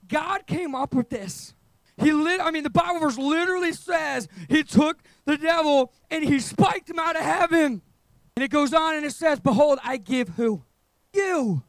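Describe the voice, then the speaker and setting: A young adult male pastor preaching a sermon in a church, telling stories and surging into loud, animated shouts to drive his points home. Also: very high-pitched, no room sound, rough recording. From England. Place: church auditorium.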